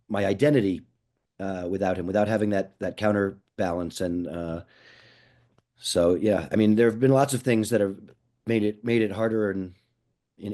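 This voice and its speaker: A man speaks as a panelist over a video call, reflecting on his own life. He talks in a halting way, restarting and repeating words. His voice is low and mellow. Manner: halting, many restarts, self-joking. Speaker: panelist, podcaster. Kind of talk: personal reflection.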